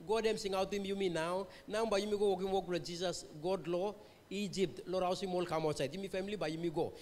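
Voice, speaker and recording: A man with a Papua New Guinean accent preaches at a revival meeting, his voice sitting high for a man. He moves back and forth between English and Tok Pisin and keeps asking the listeners questions. The sound carries a long reverb from the church hall. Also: steady tone, fast talker, a little mellow, slight background noise. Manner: mixes English and Tok Pisin, quizzes the congregation. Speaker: pastor. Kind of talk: revival sermon.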